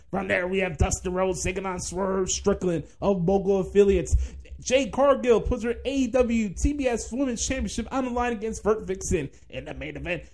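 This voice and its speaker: A man putting on the voice of a hyped-up, salesy wrestling show announcer with a loud, punchy promo delivery. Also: extremely high pitch.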